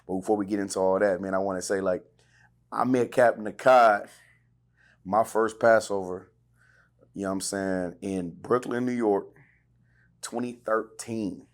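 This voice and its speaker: A man's voice: lowish voice, steady tone, normal speed, pauses often. A man from California hosting a podcast interview in laid-back street slang. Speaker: podcast host. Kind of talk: casual interview chat.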